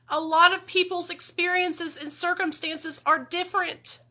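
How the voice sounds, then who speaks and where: A woman's voice: high voice, steady tone, moderate pace, hardly any pauses, sharp tone. A woman, talking emotionally and bluntly to her livestream viewers about recovery, swearing freely and calling them y'all. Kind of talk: emotional unscripted livestream talk.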